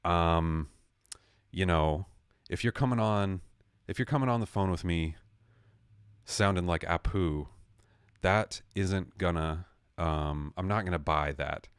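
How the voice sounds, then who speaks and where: Deep-voiced man ranting on a livestream. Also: slow pace, pauses often, clean tone, no room sound, studio quality. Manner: jokey, sarcastic, self-correcting. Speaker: livestream host. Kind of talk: casual storytelling rant.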